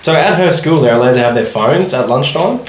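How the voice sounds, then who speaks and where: A man with an Australian accent chats in a laid-back, sweary way at a mid-range pitch. His voice sits in an echoey room with a faint hiss of noise beneath it. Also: lively intonation, brisk. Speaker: podcast co-host. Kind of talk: casual podcast chat.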